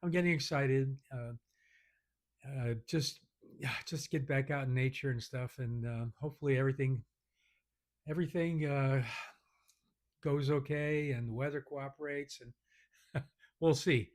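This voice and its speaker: A man's voice: medium pitch, fairly even intonation, moderate pace, long pauses. Guy rambling thru a casual vlog update, lots of ums and restarts. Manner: rambling, many fillers and restarts. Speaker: vlogger. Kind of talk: casual chat.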